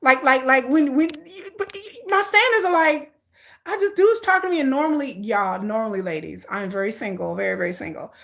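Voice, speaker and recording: A woman's voice: high voice, brisk, gravelly, fairly bright tone. A woman vlogger chatting casually with her viewers, playful and laughing often.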